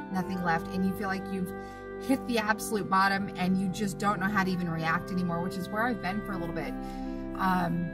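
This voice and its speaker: At an outdoor campsite, a woman vlogger with a mid-range voice gives an earnest, emotional devotional talk full of halting pauses and fillers. She is far from the mic.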